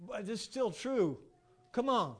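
High-voiced man preaching informally. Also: slow pace, breathy edge. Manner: animated, rhetorical asides, chuckles often. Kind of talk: informal sermon with storytelling.

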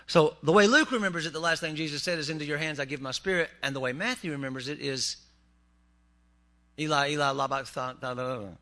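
A man's voice: a little high, quick pace, hardly any pauses, pushed and bright. A man preaching a humorous sermon in a church, with joking asides to the congregation. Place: church sanctuary.

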